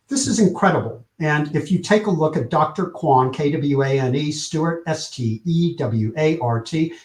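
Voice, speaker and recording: A man telling a story with energy in an interview, acting out the quotes with lively shifts in tone. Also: fairly high pitch, reverberant. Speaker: publicist, podcast guest.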